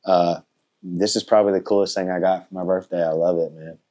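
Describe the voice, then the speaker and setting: A man's voice: deep voice, fairly even intonation, fairly quick, mellow. A man of thirty answering interview questions in a casual, polite way, with many fillers and a trailing-off delivery. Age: 30s. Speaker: motorcycle racer and content creator.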